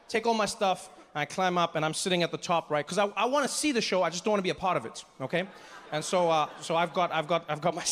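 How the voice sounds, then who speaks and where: A male stand-up comedian tells a story on stage in a high, lively voice. He acts out the other characters with big jumps in pitch. The sound carries the long reverb of a large hall, with faint ambience underneath. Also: a little hiss or hum.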